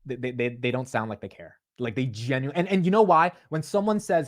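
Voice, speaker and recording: A young man talks through a company's results in casual, blunt commentary, his voice sitting at a middle pitch. He gets animated and restarts his sentences often, filling the gaps with "uh" and "like". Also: a little fast, hardly any pauses. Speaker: investing commentator.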